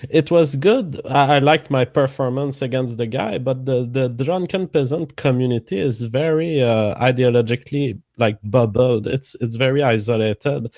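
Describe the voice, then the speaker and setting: A man talking haltingly in a casual livestream chat, pausing often on "uh". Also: medium pitch, darkish tone, no echo. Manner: halting, full of "uh" pauses and restarts.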